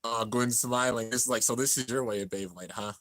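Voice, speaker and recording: A young man narrating an anime finale as he watches it live, excited and emotional. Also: mid-range voice, brisk, no room sound. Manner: excited, narrating on-screen action, drops to near-tears murmurs. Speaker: anime reaction host. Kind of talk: live reaction commentary.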